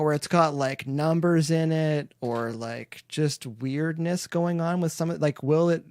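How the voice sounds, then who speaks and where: Podcast host, man, slightly high voice, chatty and rambling, dry close mic. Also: a little mellow, dry recording. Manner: chatty, rambling questions, laughs often. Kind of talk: casual interview chat.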